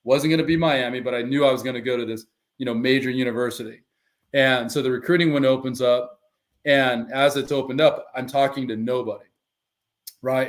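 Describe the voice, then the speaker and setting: A middle-aged man recounts his story on a podcast in a candid, lively way. He slips into quoted dialogue as he talks. His voice sits at an ordinary middle pitch. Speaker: guest, former pro football player and life coach.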